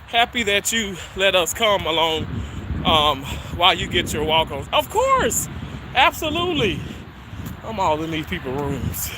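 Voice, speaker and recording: A man chats casually with livestream viewers as he walks uphill along a snowy street, laughing often and a little breathless. He speaks at normal speed with a fairly high pitch over a noisy background.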